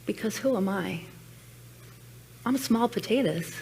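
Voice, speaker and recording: A woman's voice: medium pitch, lively intonation, measured pace, a little mellow, slight background noise. A woman giving a personal sermon message at a church, telling her story in an earnest, reflective way. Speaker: guest speaker at church. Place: church sanctuary.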